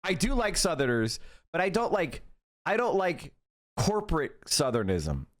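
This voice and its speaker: Animated, ranting male streamer. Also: a little high, unhurried. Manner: animated, profane ranting with tangents. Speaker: streamer host. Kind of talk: live-stream political commentary.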